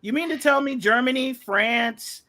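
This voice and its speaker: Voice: sits high, unhurried, sharp tone. A podcast host ranting casually about a movie, profane, sarcastic and exasperated, rambling with fillers. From United States.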